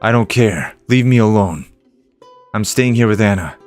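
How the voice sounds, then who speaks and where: A man's voice: lowish voice, animated, moderate pace, soft background music, lightly acted. A man reading aloud a young prince's game dialogue in his own plain voice. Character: young grieving prince, soft-spoken.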